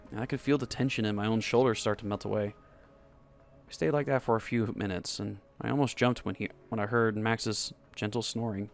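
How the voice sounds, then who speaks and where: A young man narrating a first-person romance story in a soft, intimate way. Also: medium pitch. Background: faint background music.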